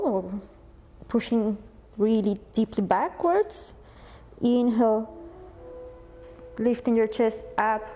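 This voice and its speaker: Yoga teacher, female, warm low-bright tone, calm breath cues, slight hiss behind. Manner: calm, slow cueing of breath and movement. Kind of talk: guided yoga class instruction. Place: home studio space, live-streamed.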